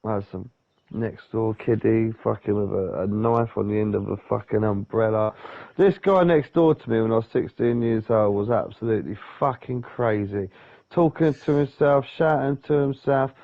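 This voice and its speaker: A man's voice: lowish voice, moderate pace, vocal fry. A young man telling a rambling story in casual chat, swearing often. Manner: swears a lot, rambles with restarts. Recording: dull lo-fi sound.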